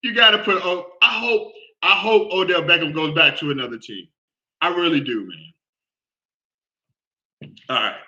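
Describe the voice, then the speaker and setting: Animated man hosting a sports talk show. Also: fairly high pitch, normal speed, pauses often, highs cut off. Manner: animated, repeats himself, keeps asking "all right?".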